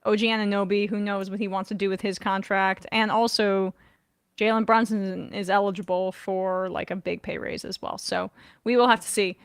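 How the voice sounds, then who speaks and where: Chatting casually on her sports podcast, a woman reads out listener messages at a quick clip while her voice grows slightly hoarse and worn. Her tone is mid-range, level and clean, recorded in a clean studio with no echo.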